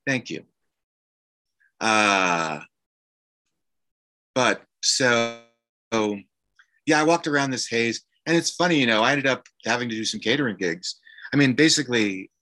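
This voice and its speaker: Bright-voiced man telling a candid story. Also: mid-range voice. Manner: halting and emotional, many fillers and restarts. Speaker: actor guest. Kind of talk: candid personal storytelling in conversation.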